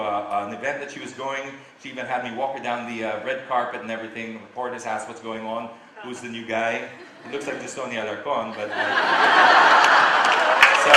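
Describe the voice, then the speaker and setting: A man from the Philippines giving a conversational, anecdotal talk to a live audience, with casual asides as he tells his story. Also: medium pitch. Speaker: speaker at a live talk event. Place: large hall with audience. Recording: roomy live hall sound, faint noise.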